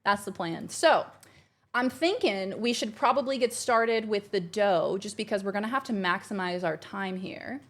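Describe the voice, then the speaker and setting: A woman's voice: medium pitch, normal speed. A woman streamer chatting casually and bubbly with her live chat from home while planning her week. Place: home, kitchen.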